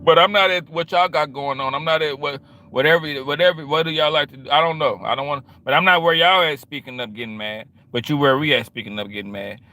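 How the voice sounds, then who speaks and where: Streamer man, heated and slangy, tense bright tone, sits a little high. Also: fast. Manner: confrontational, repetitive and slangy. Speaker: livestream host. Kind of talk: livestream rant to chat.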